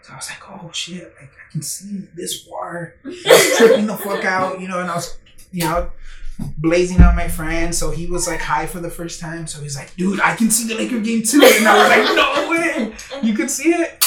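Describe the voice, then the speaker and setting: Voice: medium pitch, moderate pace, far from the mic. A young adult in casual chat, telling party stories loosely, laughing often and swearing freely. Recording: roomy, off-mic, crowd noise behind.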